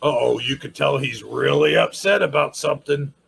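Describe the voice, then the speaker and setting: A man's voice: mid-range voice, moderate pace, vocal fry, fairly bright tone, slightly rough. A man hosting a casual channel review, sarcastic and rambling.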